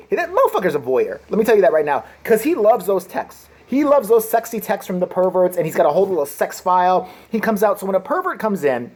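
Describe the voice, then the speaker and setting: A woman vlogger doing an animated, profane, mocking comedic rant. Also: lowish voice.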